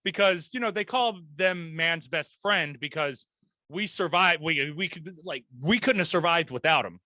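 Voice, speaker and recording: A man's voice: on the high side, lively intonation, normal speed, pushed and bright, dry recording. A man hosting a casual podcast chat, rambling, laughing often and restarting his sentences. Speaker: podcast host.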